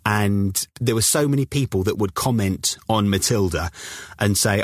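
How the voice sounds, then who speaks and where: A man from the UK, co-hosting a podcast, telling stories in an animated way and laughing often. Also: medium pitch, moderate pace, dry recording, studio quality. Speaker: podcast co-host. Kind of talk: casual chat.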